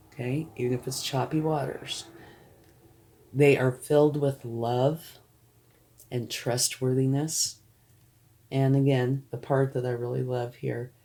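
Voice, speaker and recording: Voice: mid-range voice, a little mellow. A tarot reader giving a reading to the viewer, reassuring and often checking in, thinking aloud while turning cards.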